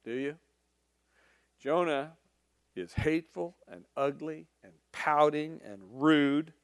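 A male preacher delivering a sermon in an emphatic, conversational storytelling style. His voice sits high and his pace is slow and deliberate. The sound is close and dry. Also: no echo.

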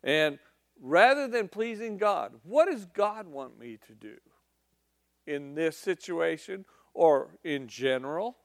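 A male preacher delivering a sermon in an emphatic, conversational storytelling style. His voice sits high and his pace is slow and deliberate. The sound is close and dry. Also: expressive, gravelly, no room sound.

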